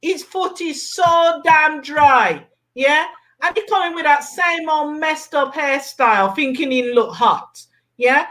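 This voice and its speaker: Blunt high-voiced woman host. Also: measured pace, fairly bright tone. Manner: emphatic, blunt, tags points with "yeah?". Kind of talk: casual reality-TV recap chat.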